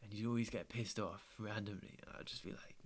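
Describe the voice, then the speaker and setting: Young man, low register, easygoing streamer chat full of slang. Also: fairly even intonation, a little fast, slightly rough. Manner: laid-back, slangy, swears freely. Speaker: trader streaming his trading. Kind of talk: casual chat.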